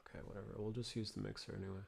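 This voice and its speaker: Thinking aloud as he works, a music production tutor gives a casual screen-recorded lesson from his home studio, often stopping and restarting. His lowish voice is gravelly and a little mellow, with little pitch movement, and there's slight background noise.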